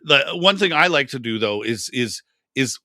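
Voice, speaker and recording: A man's voice: medium pitch, lively intonation, moderate pace, pushed and bright, no echo, clean studio sound. A man co-hosting a podcast about running games, chatting casually with many restarts and fillers. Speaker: podcast co-host, game master. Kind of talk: casual chat.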